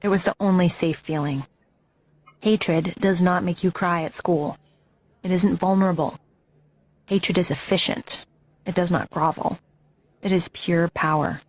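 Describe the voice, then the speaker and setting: A woman's voice: fairly low pitch, steady tone, a little slow, long pauses, no room sound. A woman narrating a memoir audiobook with intense, emotionally charged reading.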